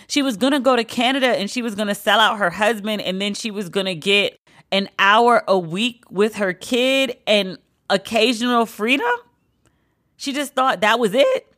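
A woman hosting a solo pop-culture podcast, talking in a sassy, sarcastic, animated way. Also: mid-range voice. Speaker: podcast host.

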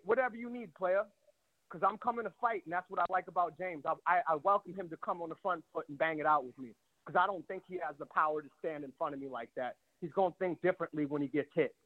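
A high-pitched man in his late thirties on a tinny phone line, out of breath as he calls from a gym. He talks cocky, profane trash in a fast, swaggering way. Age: 30s. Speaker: fighter calling in.

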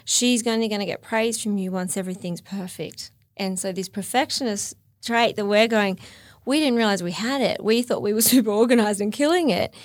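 A woman's voice: medium pitch, a little fast, no room sound. Middle-aged woman, reflective casual chat, laughs often, dry close sound. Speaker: podcast guest.

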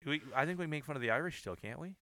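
Playful bright-voiced man co-hosting. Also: on the high side, lively intonation, racing, dry recording. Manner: playful, teasing, asks questions. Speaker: podcast co-host. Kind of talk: casual chat.

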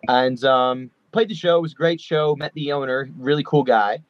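A man's voice: mid-range voice, moderate pace, dry recording. A man from Long Island, a guest musician, chatting casually in an interview over a video call, with lots of fillers. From Long Island, New York. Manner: rambling, lots of fillers and likes. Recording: dull lo-fi remote audio.

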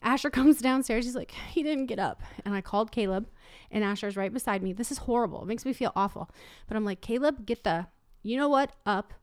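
A woman's voice: a little high, a little fast, clean tone, dry recording, studio quality. A woman in her thirties, a mother chatting casually, telling a story and quoting herself. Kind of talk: casual chat.

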